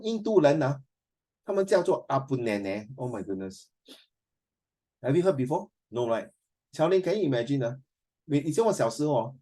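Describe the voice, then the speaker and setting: A man with a Singaporean accent teaches a class, chatty and full of fillers, quizzing his students as he lectures. His voice is fairly high-pitched with a dark tone.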